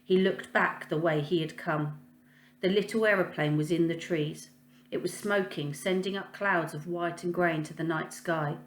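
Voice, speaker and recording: A woman teacher reading a children's novel aloud, in a calm, even storytelling manner. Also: lowish voice, normal speed, a little hiss or hum. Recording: echoey room.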